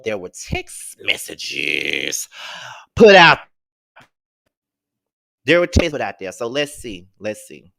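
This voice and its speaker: A man's voice: fairly high pitch, very animated, measured pace, gravelly, sharp tone. A man hosting a live celebrity gossip show, sassy, blunt and profane, with his own running commentary. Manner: sassy, blunt and profane, calls listeners "child".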